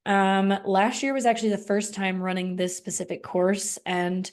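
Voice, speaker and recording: A woman's voice: medium pitch, normal speed. Woman on a podcast chatting easy, lots of ums and likes. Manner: relaxed, many fillers and likes. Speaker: podcast co-host. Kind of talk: casual podcast chat.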